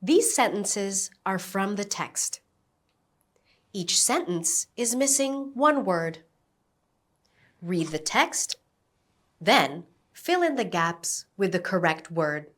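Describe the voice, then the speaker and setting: A woman teaching an English lesson, giving slow, carefully enunciated instructions and modelling words for repetition. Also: mid-range voice, expressive, fairly bright tone. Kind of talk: slow, clear classroom instruction.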